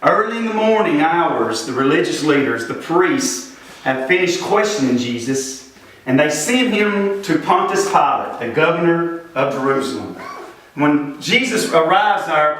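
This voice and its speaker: A man tells a Bible account for children in a simple, earnest way. His voice sits fairly high. It is recorded from far off in a very echoey church room. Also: a bit bright. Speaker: church children's ministry presenter.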